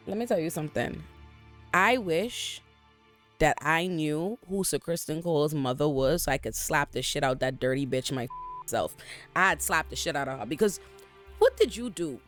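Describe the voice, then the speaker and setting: A vlogger recapping a TV episode from a bedroom on their own camera, telling it in an animated, profane, slang-heavy way. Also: mid-range voice, moderate pace, soft background music. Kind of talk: casual recap commentary. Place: bedroom at home.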